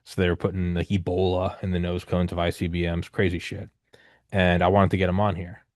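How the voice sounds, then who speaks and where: Low-voiced rambling male podcast host. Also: fairly quick, no echo, studio quality. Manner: rambling, animated, swears casually, many restarts. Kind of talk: casual conversational storytelling.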